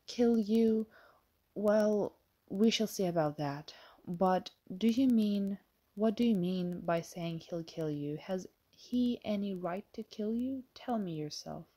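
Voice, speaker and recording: Woman doing a middle-aged male steward, blunt and scheming, slow. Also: medium pitch, warm tone. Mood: stern. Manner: gruff, questioning, bossy.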